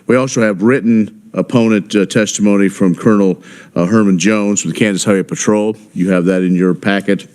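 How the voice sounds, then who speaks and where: A man chairing a legislative committee hearing, procedural and a bit halting. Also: fairly low pitch, steady tone, a little mellow.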